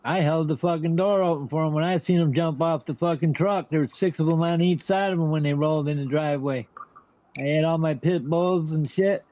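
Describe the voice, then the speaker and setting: A man's voice: fairly high pitch, steady tone, fairly quick, lo-fi sound. An older man telling stories in a casual chat, brash and profane.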